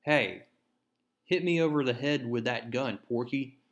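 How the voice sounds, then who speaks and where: A man's voice: medium pitch, a little slow, natural voice. A man voicing a blunt, threatening gangster boss from a comic book, read aloud in a mostly plain voice. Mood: menacing. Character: gruff gangster boss, grown man, menacing.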